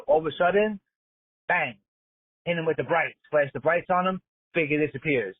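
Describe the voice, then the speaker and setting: A man's voice: fairly high pitch, moderate pace. A man calling in and leaving a voicemail, telling a story in a casual, streetwise way with some swearing. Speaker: caller. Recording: tinny phone voicemail.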